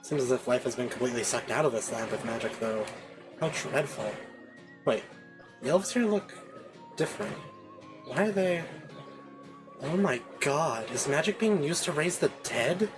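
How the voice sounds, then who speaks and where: A man's voice: medium pitch, animated, moderate pace, long pauses, over music, lightly acted. A man voicing a regal, weary dragon queen in a game, speaking with a put-on accent. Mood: dismayed.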